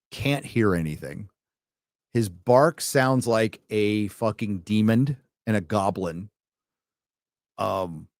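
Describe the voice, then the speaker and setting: A man's voice: lowish voice, dry recording, studio quality. A man hosting a casual late-night livestream, reading out viewer donations and rambling with wry, profane asides.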